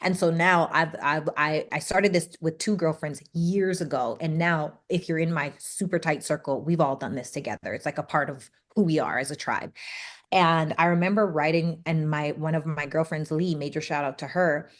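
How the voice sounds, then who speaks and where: A Canadian woman, a speaker and entrepreneur appearing as a podcast guest, talks candidly and emotionally about a hard stretch of her life in casual interview talk. Her storytelling swings lively, delivered at normal speed in a deep voice.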